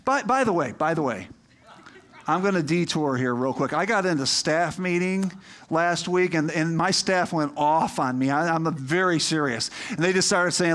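A man's voice: on the high side, normal speed, fairly bright tone. A male pastor preaching a sermon in a conversational, emphatic way that builds to rousing appeals.

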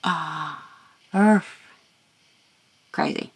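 Speaking very slowly in a low, gravelly, slightly rough voice that sounds scratchy and tired, a middle-aged artist vlogger muses out loud. Some of the casual chat takes place at a lakeside campground, with no room sound.

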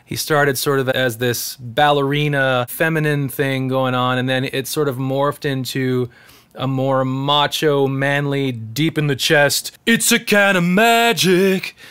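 A man's voice: medium pitch, level tone, measured pace, fairly bright tone, clean tone. A man teaching singing in a casual tutorial, explaining technique in an earnest, encouraging way. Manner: breaks into sung demonstrations between explanations. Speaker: singer teaching vocal technique.

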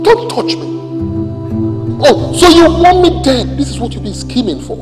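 A proud, hot-tempered Nigerian chief with a Nigerian accent. His voice sits unusually high and swings widely as he protests with emphatic outbursts. Film score music plays clearly behind him. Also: sing-song, moderate pace, long reverb tail. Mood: angry. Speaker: wealthy chief, husband. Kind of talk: film drama acting.

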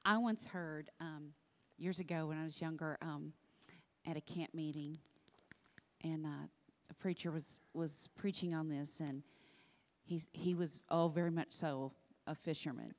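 A woman with a fairly low voice co-leads a Bible study in a thoughtful, conversational way. She retells scripture scenes vividly, as if she were there. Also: a little mellow.

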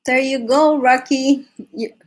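A woman's voice: sits high, fairly even intonation, slow pace, rough recording. A woman hosting a live drawing stream, chatting casually with viewers, laughing often and restarting her sentences.

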